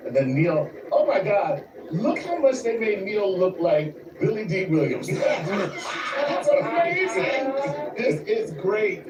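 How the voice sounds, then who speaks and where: A man chatting casually and reading a comic aloud, animated and laughing. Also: sits high, takes it slowly, hardly any pauses. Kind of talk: casual chat with dramatic reading. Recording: echoey room, far from mic, noisy.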